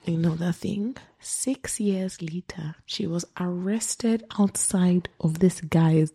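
Low-voiced woman telling a crime story. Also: slow, breathy edge. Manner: animated, with quoted voices and asides. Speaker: podcast host. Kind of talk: casual true-crime storytelling.

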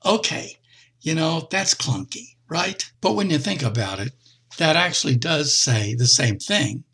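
Gravelly husky male preacher. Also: a little high, big pitch swings, unhurried, pushed and bright. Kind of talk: sermon.

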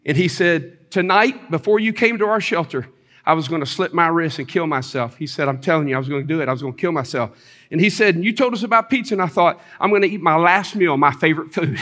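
A preacher man with a high voice tells testimony stories from the pulpit. He talks in an animated way, breaks into loud exclamations and chuckles, and leans on the crowd for agreement. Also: quick pace. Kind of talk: sermon testimony.

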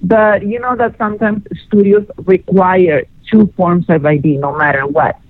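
A woman's voice: fairly low pitch, steady tone, moderate pace, dry recording. A woman calling in to a radio show, chatting in a flirtatious, rambling way. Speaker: caller. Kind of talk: casual phone chat. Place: Los Angeles. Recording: tinny dry phone line.

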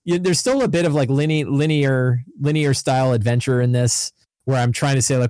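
Man telling game stories in animated chat. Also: mid-range voice, normal speed, dry recording, studio quality. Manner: animated storytelling. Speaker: game master and podcast co-host. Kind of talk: casual chat.

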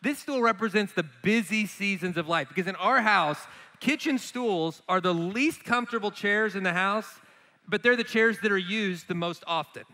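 A man speaking as a guest on a church stage, telling stories in a relaxed, joking way about marriage. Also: high-pitched, moderate pace. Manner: storytelling with acted quotes and laughs. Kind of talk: casual stage talk to a church audience. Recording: echoey church hall.

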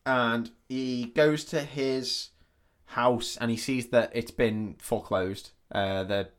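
A man co-hosting a podcast, casually retelling a film's plot in a rambling, sweary way, quickly acting out the characters' lines. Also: mid-range voice, fairly even intonation. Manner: rambling, sweary storytelling with quick acted-out quotes. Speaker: podcast co-host.

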